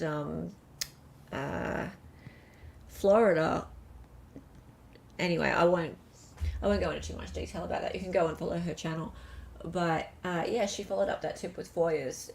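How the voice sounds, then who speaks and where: A woman's voice: low-pitched, gravelly, slight background noise. A woman hosting a live stream, chatting casually and reading out viewer comments. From Australia. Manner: chatty, reads viewer comments aloud, lots of fillers.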